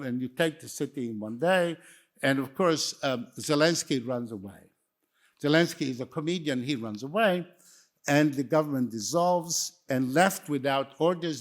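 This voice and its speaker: An older man, not a native English speaker, giving a wry, anecdotal talk that wanders from story to story. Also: medium pitch. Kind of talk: lecture talk.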